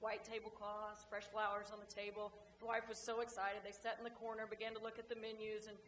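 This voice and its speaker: A woman coach giving an after-lunch club speech, telling a joke story in a folksy, lively way. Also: mid-range voice, a little fast. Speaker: guest speaker, women's basketball coach. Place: large banquet room. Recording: echoey room, faint hum.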